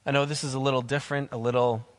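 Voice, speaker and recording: A man's voice: mid-range voice, flat delivery, racing. A man preaching a sermon to camera, emphatic and repeating his key phrases. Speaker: pastor. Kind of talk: sermon to camera for online viewers. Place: church, filmed on camera. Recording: long reverb hall.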